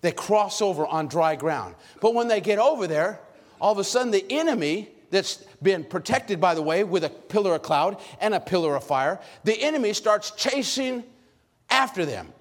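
A man preaching a sermon with lots of energy, calling out questions to the congregation and shouting at high points. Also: lively intonation, normal speed. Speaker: pastor. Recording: long hall reverb.

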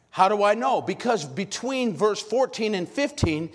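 A man preaching a sermon with lots of energy, calling out questions to the congregation and shouting at high points. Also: animated, unhurried. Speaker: pastor. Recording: long hall reverb.

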